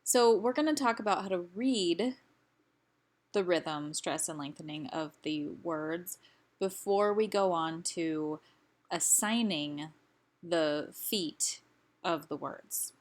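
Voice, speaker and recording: A woman teaching a recorded lesson, explaining slowly and carefully with some fillers. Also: on the low side. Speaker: language teacher.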